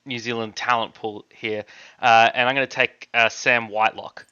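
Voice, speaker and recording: A man's voice: medium pitch, little pitch movement, normal speed, bright, forceful tone, clear, resonant tone, highs cut off. A man from Australia co-hosting a casual fantasy draft chat, rambling and correcting himself as he picks. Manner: rambling, self-correcting, easily laughs at himself. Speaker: co-host.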